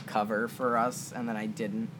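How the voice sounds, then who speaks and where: A young podcast co-host chatting casually, teasing the others and often dropping low and quiet. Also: level tone, normal speed, noisy background.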